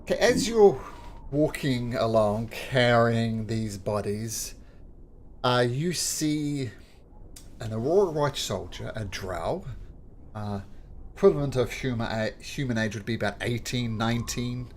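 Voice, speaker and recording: A man narrating a tabletop game as game master, halting with fillers. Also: mid-range voice, expressive, slight background noise. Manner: halting, with many fillers and restarts.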